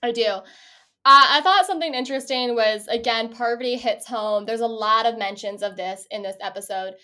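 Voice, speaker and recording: A woman's voice: fairly high pitch, normal speed, bright, forceful tone. A woman co-hosting a podcast, chatting casually and animatedly, often laughing and swearing offhand. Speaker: podcast co-host. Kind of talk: casual chat recapping a reality show.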